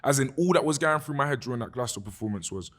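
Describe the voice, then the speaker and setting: Young london guy telling a story on a podcast, animated, swears a lot, keeps saying bruv. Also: mid-range voice, fast talker. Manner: animated, swears freely, says "bruv" often. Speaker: guest musician.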